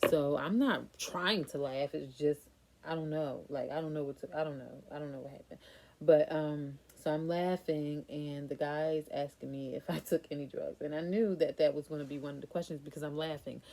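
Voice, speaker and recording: A woman's voice: deep voice, fairly even intonation, a little fast, darkish tone. A young woman vlogger casually telling a frightening personal story, with many fillers and nervous laughs.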